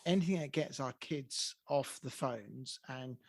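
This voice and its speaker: A man's voice: mid-range voice, a little slow, gravelly, no echo. A man co-hosting a podcast, asking questions and reacting in a friendly, enthusiastic way. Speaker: podcast co-host. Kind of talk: casual interview chat.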